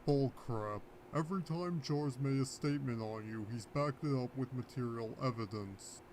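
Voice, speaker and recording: A man's voice: medium pitch, moderate pace, a little mellow, a little hiss or hum. A man doing a scripted commentary voice-over, pointed and sarcastic. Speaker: video commentator.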